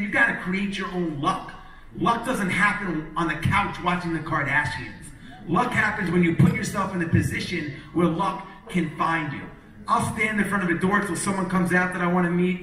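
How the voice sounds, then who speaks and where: A middle-aged man telling an energetic, punchy story to a live audience as a motivational speaker, acting out the quotes. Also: high voice. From New York, Long Island. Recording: echoey hall, distant mic.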